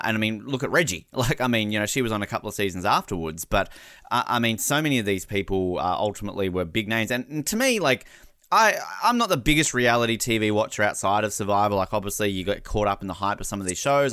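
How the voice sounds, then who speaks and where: A man co-hosting a casual podcast chat, swearing freely and acting out people in loud bursts. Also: lowish voice, no room sound, clean studio sound. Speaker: podcast co-host.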